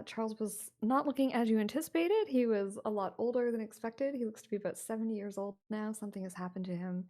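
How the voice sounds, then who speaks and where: Woman narrating as game master. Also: mid-range voice. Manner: steady storytelling with many fillers. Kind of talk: narrating a tabletop horror game.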